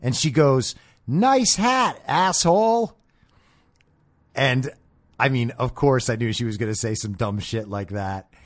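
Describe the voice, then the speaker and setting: A man's voice: medium pitch, little pitch movement, moderate pace, no room sound. A man hosting a political commentary show, talking in a blunt, sarcastic and profane way. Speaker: host.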